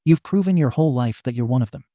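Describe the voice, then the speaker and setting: A man voicing a caring middle-aged father who gives his son steady, reassuring advice. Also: medium pitch, fast talker, dry recording, clean studio sound, natural voice.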